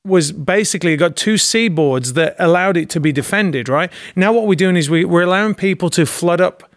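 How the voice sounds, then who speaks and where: A man's voice: high voice, moderate pace, no echo, clean studio sound. A man co-hosting a political talk show, speaking in an indignant, rambling way. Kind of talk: political commentary.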